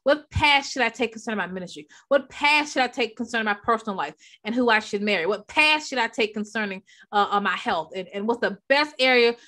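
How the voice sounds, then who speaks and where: A woman with a bright, ringing tone and a voice set a touch higher than most preaches through scripture with real conviction. She repeats her key words for weight and keeps pulling the listeners in with calls back to them, speaking into a microphone. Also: a little fast, few pauses. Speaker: Bible teacher. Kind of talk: preaching Bible teaching.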